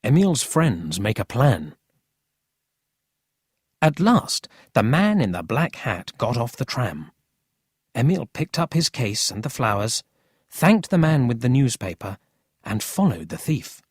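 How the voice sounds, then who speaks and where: Storybook narrator, slow, lively pitch, husky, dry sound. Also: no room sound. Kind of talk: storybook reading for English learners.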